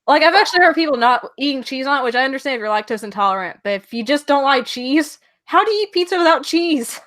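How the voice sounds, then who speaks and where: A woman with a Southern US accent hosts a casual interview in a fairly high voice. She is friendly and reads out viewer comments as she goes. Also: animated, quick pace, fairly bright tone. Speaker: interview host.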